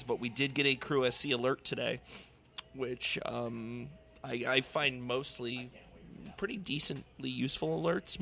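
A man hosting a casual sports podcast, talking loosely with plenty of fillers. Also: mid-range voice. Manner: relaxed, many fillers and restarts. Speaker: podcast host.

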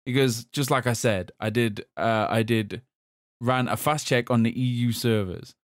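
A man from England chats on a gaming podcast. His voice sits in the middle of the range and the sound is dry and close. He tells stories in an animated way and laughs as he talks. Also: medium pitch, normal speed, no room sound. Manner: animated storytelling, quoting others, laughing. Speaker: podcast host. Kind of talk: casual chat.

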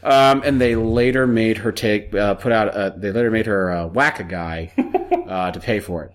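A man's voice: on the low side, moderate pace. A man telling crude, joking stories in casual podcast chat, swearing freely. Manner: profane, storytelling, jokey.

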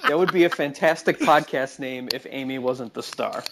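A man's voice: medium pitch, moderate pace, vocal fry, a bit bright, a little hiss or hum. A man hosting a podcast in casual chat, joking and playful. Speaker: podcast host.

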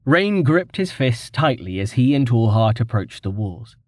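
An audiobook narrator reads a fantasy novel in a measured, expressive way. His mid-range voice is captured with studio quality and no room sound.

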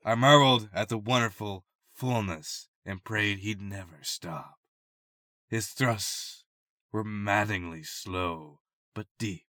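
A man's voice: lowish voice, slow pace, sharp tone, no echo, clean studio sound. A man co-hosting a comedy podcast, reading erotica aloud and breaking into giggles. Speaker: podcast co-host.

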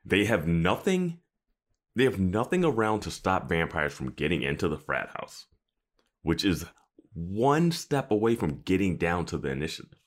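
Deep-voiced man, swinging pitch, incredulous. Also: very animated, normal speed. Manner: laughs often, incredulous rhetorical questions. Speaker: podcast co-host. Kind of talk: casual chat discussing a TV episode.

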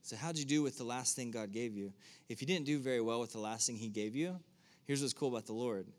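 A man's voice: medium pitch, fast. Man preaching a conversational sermon. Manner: conversational, asks the audience direct questions. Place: church room with an audience.

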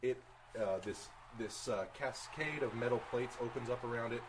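A man narrating as game master of a tabletop game in an animated, chatty way. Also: mid-range voice, normal speed, noisy background. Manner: animated, chatty, laughs often.

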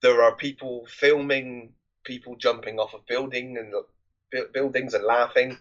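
A man's voice: mid-range voice, flat delivery, unhurried, lo-fi sound. A man hosting a film podcast, recapping a movie plot in a loose, rambling, conversational way.

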